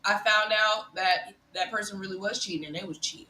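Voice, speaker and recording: A woman on a talk show panel, telling a personal story in an animated way. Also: medium pitch, fairly quick, reverberant, slight background noise, low-quality recording. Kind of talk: casual panel chat.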